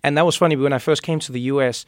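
A man's voice: mid-range voice, steady tone, racing, no echo, studio quality. A man from Africa, speaking thoughtfully as an interview guest and repeating words as he builds a point. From South Africa. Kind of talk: conversational interview.

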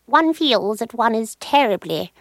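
A woman's voice: on the high side, lively intonation, a little slow, no room sound, studio quality, pitched above the performer's own voice. A woman voicing a haughty aging royal lady with an upper-class English accent, plummy and stately. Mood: regal. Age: 50s. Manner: plummy, stately, self-important.

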